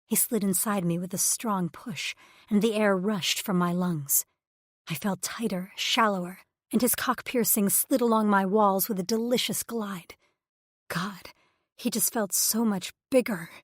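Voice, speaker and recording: A woman's voice: mid-range voice, measured pace, no echo, clean studio sound. A woman reading a first-person romance audiobook in an intimate, emotive way. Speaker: audiobook narrator.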